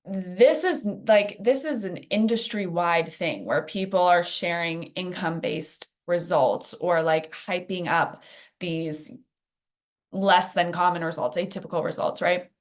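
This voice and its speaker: A woman with a somewhat low voice leads a live workshop. She talks in a loose, conversational way, full of fillers and friendly asides. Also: a little slow. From Phoenix. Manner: chatty, conversational with many fillers. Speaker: workshop presenter. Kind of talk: casual teaching in a live workshop.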